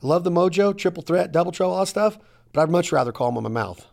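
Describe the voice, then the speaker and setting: Man, middle-aged, podcast host, casual hunting talk, emphatic and rambling, slightly high pitch. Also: animated, quick pace, vocal fry, darkish tone.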